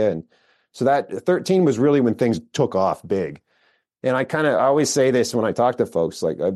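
Low, mellow-voiced American man chatting. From United States. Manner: rambling storytelling with fillers and restarts. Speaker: firearms instructor, guest. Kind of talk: casual interview talk.

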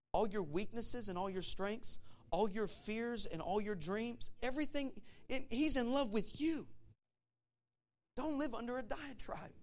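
A male pastor preaching a sermon, animated and conversational, asking the audience questions and acting out stories. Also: high-pitched. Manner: animated storytelling with acted voices and laughs.

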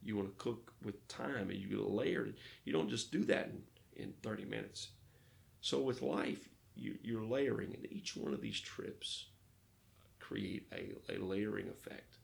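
A man from Arkansas, a pastor, telling lively stories in a casual interview and acting out the dialogue. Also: on the low side, a little slow, gravelly. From Arkansas, United States. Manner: lively storyteller who acts out dialogue.

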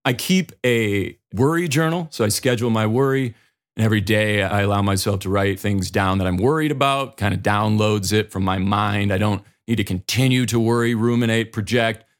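A middle-aged man with a Dakota accent hosting a podcast, telling stories in a self-deprecating, animated way. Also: lowish voice. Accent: American, Dakota. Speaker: podcast host. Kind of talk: casual solo podcast talk.

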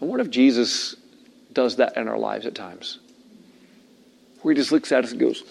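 A man preaching a sermon as a pastor, animated and conversational, slipping into voices and asides to act out scenes. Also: medium pitch, normal speed, creaky, pauses often. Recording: long hall reverb.

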